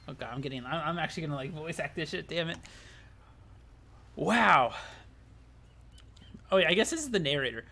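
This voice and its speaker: Swearing, high-voiced male streamer. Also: lively intonation, moderate pace, vocal fry, pauses often, pushed and bright. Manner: rambling, swears freely, talks to chat. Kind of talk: casual live-stream gaming chat.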